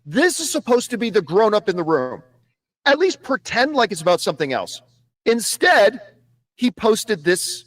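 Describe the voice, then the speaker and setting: A man's voice: high-pitched, very animated, moderate pace, a bit bright. A man commenting on the news in a played clip, emphatic and repeating phrases for stress.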